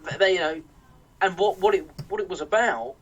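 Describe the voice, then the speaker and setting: This English podcast host is young, with a high voice, a fairly bright tone, and a fairly quick delivery. He rants casually but heatedly, swearing and restarting often, picked up by a distant mic with faint noise.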